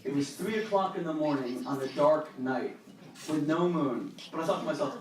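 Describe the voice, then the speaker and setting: High-pitched guy doing stand-up, animated storytelling, super echoey club sound, mic a bit far off. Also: normal speed, a little hiss or hum. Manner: animated, jumps between characters' voices. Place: comedy club stage.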